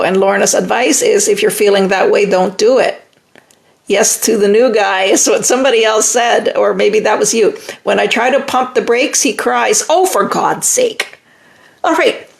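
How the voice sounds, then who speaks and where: A woman's voice: fairly high pitch, gravelly. A middle-aged woman hosting a live relationship-advice stream, reading viewer comments aloud and answering in an emphatic, reassuring way.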